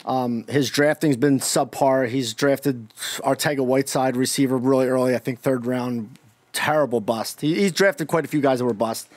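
A man's voice: mid-range voice, moderate pace, a little mellow, dry recording. A man chatting as a podcast guest, rambling through stories with many restarts. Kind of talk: casual podcast chat.

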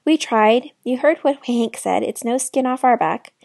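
A woman reading aloud, voicing a calm father who reassures his wife. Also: on the high side, measured pace, creaky, no room sound, studio quality. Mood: reassuring. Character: steady, gentle immigrant father.

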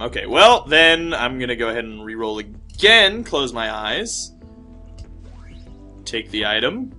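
A man's voice: medium pitch, bright, forceful tone. A man hosting a let's-play, chatting casually while he plays. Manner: chatty, laughing, muttering to himself. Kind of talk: casual gameplay commentary.

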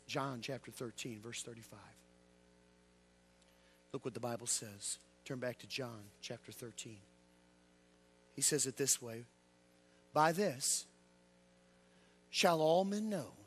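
A man preaching a revival sermon as an evangelist, calling out questions to the congregation and swinging between loud exclamations and low quiet asides. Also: slow, long pauses, slight background noise. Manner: call-and-response with the congregation. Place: church.

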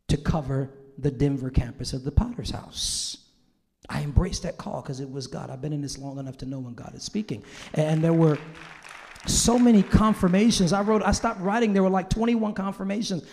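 A man from Los Angeles who is a pastor, preaching a sermon to his congregation. He goes from hushed, tearful confession to shouted exclamation. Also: fairly high pitch, long reverb tail. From Los Angeles, USA. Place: large church hall.

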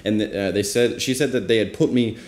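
A man's voice: on the low side, fairly quick, darkish tone. A young man casually telling a rambling, self-deprecating travel story as a vlogger. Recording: roomy echo.

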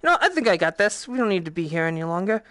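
A woman with a Boston accent giving casual, profane, excitable commentary while playing a VR game. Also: lowish voice, rapid-fire, no echo, clean studio sound. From Boston, USA. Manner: profane, excitable, thinking aloud. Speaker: VR game streamer. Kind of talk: casual let's-play commentary.

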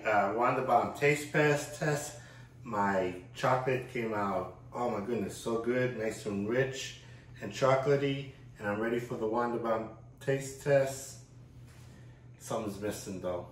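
A man's voice: medium pitch, a bit bright, a little hiss or hum. Older guy doing a cooking vlog at home, playful and chatty, kitchen echo around him. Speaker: cooking channel host.

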